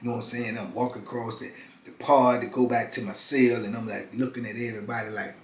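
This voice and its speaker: A man in his fifties telling a personal story in a halting, earnest way, often restarting and checking in with his listener. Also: medium pitch, fairly even intonation, a little hiss or hum. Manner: halting, earnest, many restarts and "you know what I'm saying". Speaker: formerly incarcerated channel host. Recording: roomy room with faint ambience.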